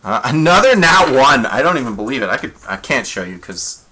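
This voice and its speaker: A man running a tabletop horror game live as game master, animated and quick with apologetic asides. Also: mid-range voice, noisy background.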